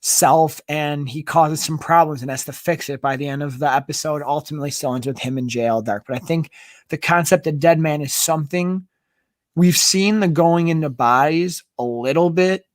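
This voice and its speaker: A man's voice: fairly high pitch, normal speed, dry recording, studio quality. A man co-hosting a casual livestream chat about fandoms, talking eagerly with many fillers. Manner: animated, enthusiastic, many fillers. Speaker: co-host.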